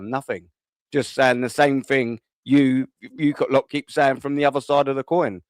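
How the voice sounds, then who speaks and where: A man in a heated football call-in, exasperated and quick to agree. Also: medium pitch, level tone, dry recording, studio quality. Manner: agreeing, exasperated, uses slang like mate. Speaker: call-in panelist.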